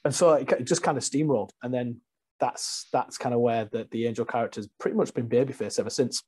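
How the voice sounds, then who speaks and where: A man's voice: mid-range voice, quick pace, slightly rough. A man, a guest wrestler, chatting casually in an interview and animatedly acting out the stories he tells. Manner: animated storyteller, acts out quotes.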